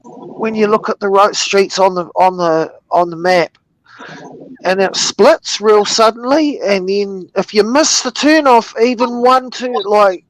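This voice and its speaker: A man's voice: high-pitched, unhurried, dry recording, poor audio. A man in his forties with a New Zealand accent, telling a rambling, profane story in casual chat. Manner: rambling storyteller, swears freely.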